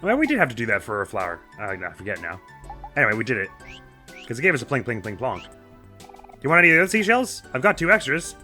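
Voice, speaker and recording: Brief: wry let's-play host, casual thinking-aloud commentary, sharp bright voice. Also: male voice, mid-range voice, huge pitch swings, quick pace, soft background music.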